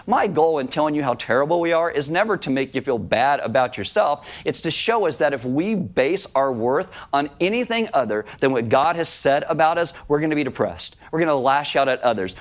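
A man preaching a sermon in a conversational way, with self-deprecating humor. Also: a little high. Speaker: pastor.

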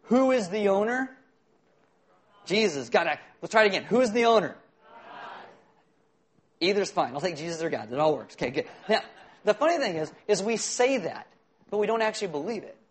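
High-voiced male pastor preaching. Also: very animated, quick pace. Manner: conversational, jokey preaching with audience questions. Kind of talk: sermon.

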